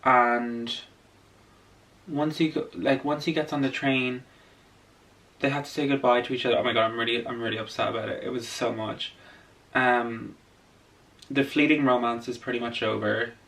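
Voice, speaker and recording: A man's voice: mid-range voice, steady tone, moderate pace, creaky, pauses often, fairly bright tone, far from the mic. A man vlogger chatting casually about a film while doing his makeup, gushing and playful. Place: indoors at home, doing makeup on camera.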